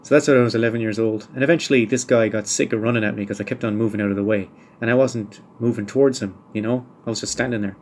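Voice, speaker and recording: A man's voice: fairly low pitch, fairly even intonation, fast, few pauses, a little mellow, slight background noise. A man hosting a solo podcast, answering listener questions one by one with dry, wry humour and rambling asides. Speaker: podcast host.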